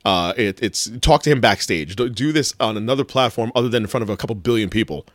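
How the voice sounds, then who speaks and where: Casual podcast co-host, male, lowish voice, rambling and animated, dry close sound. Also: quick pace, no echo. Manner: rambling, animated, self-correcting, swears casually. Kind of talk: casual chat.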